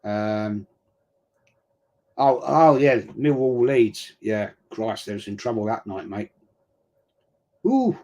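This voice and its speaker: Warm and lowish, this middle-aged watch-along streamer's voice moves slowly with lively intonation and frequent pauses. He rambles through stories in blokey slang while chatting live during a football match.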